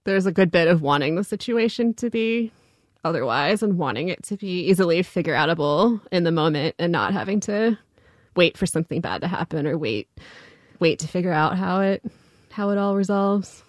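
A woman speaks in a thoughtful, reflective manner with a slightly low voice. The recording is dry and close. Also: normal speed, no room sound. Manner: thoughtful, laughs lightly. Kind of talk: reflective comment.

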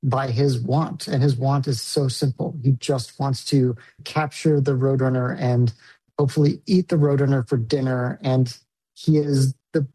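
A man speaks as an interviewee about his own work, keen and casual, with plenty of likes and ums. His voice is warm and a little husky. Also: medium pitch, rough recording. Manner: enthusiastic, casual, uses many fillers. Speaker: film director. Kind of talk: interview answer.

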